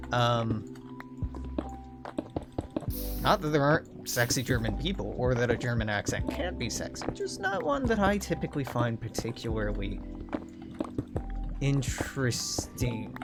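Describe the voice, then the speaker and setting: A man's voice: mid-range voice, wildly swooping pitch, normal speed, long pauses. Sardonic, profane young man rambling. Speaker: gaming channel host. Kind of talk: casual rambling commentary over gameplay. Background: background music.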